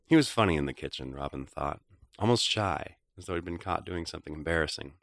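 A man narrating a novel in a quiet, reflective, measured way. His voice is very low, with a gravelly creak. The recording is close and dry, with no room sound. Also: animated, no room sound. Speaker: audiobook narrator.

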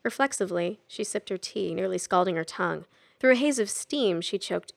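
A woman reads a novel aloud in steady, even narration. Her voice carries a gravelly rasp at the bottom of its tone, at a middle pitch for a woman. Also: a little fast. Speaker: audiobook narrator. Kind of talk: scripted narration.

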